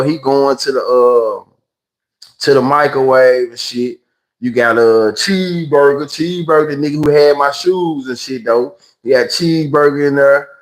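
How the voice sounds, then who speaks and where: This livestream host, speaking with a Memphis Southern accent at medium pitch, rambles through a slangy story while voicing other characters. It's captured on a phone, and the recording is rough.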